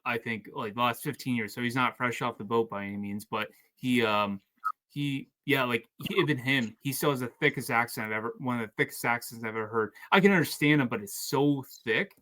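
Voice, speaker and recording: Speaking fairly quickly, this podcast host from Canada tells stories with animation, often tripping and starting over. His pitch is middle-of-the-range for a man, and his delivery feels relaxed and chatty.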